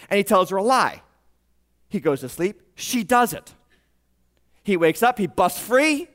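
A man preaching a sermon, animated and jokey, acting out voices and alarm-clock beeps. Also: high voice, normal speed, long pauses. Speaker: pastor.

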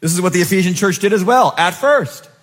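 A man preaching in a church sanctuary, his voice sitting a little high for a man. He swings from loud, emphatic peaks down to soft, low asides and keeps asking his congregation questions. A long hall reverb trails every line. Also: fairly quick. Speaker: pastor. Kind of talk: sermon.

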